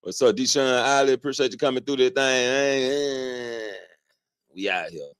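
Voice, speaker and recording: Slow, slangy man reacting to a clip. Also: medium pitch, smooth, dry recording, studio quality. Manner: slangy, drawn-out, mocking asides. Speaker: reaction video host. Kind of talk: casual reaction commentary.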